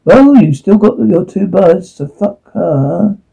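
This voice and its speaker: A man's voice: high voice, expressive, takes it slowly, gravelly, dark tone, husky, dull audio, pitched above the performer's own voice, heavily acted. A man voicing a young lad consoling a mate. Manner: reassuring, matter-of-fact. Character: young male friend, consoling.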